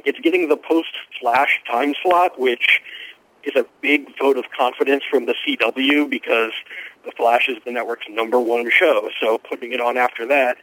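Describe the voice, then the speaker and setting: A man who is a guest TV critic, giving quick, informed and enthusiastic answers in a radio interview. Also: mid-range voice, fairly bright tone, no echo, poor audio.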